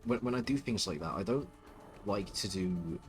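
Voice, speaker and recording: A male streamer in the middle of a scornful, profanity-laced rant, tripping over his own words as he doubles back. His voice runs on the low side. Soft music plays behind him. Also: expressive, normal speed. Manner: contemptuous, stuttering restarts, swearing. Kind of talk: ranting stream commentary.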